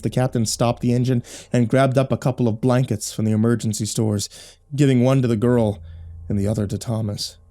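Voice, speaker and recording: A man narrating a horror story in a low, hushed, dramatic way.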